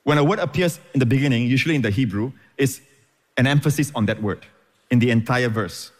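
A man's voice: mid-range voice, quick pace, in a large hall. A man preaching a sermon as pastor, emphatic and repeating phrases for stress.

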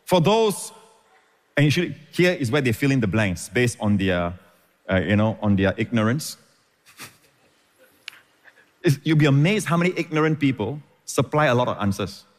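Emphatic preacher in a reverberant hall. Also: male voice, mid-range voice, very animated, moderate pace, long pauses. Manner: emphatic preaching, repeats phrases for stress. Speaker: pastor. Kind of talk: sermon.

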